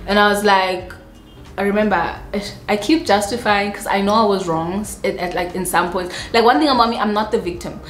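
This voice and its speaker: A South African woman YouTuber telling a personal story in a dramatic, animated way, with sudden high-pitched asides. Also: brisk, roomy sound. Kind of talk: storytime vlog.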